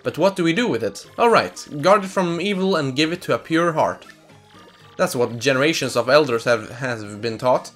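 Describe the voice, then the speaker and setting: A man's voice: mid-range voice, animated, moderate pace, fairly bright tone, soft background music. A Swedish man voicing a cranky, bossy old female tree elder from a game, reading her lines aloud in English. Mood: explaining. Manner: bossy, scolding, grumbling.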